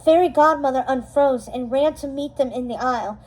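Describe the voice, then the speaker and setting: High-voiced woman reading a storybook aloud. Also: rough recording. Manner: steady, expressive reading with slowed dramatic moments. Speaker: storybook reader. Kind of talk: storybook read-aloud narration.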